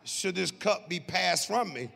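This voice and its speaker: A man preaching a sermon as pastor, joking with the congregation in laughing asides and building to shouted preaching. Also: high voice, animated, measured pace, vocal fry, long reverb tail. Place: church sanctuary.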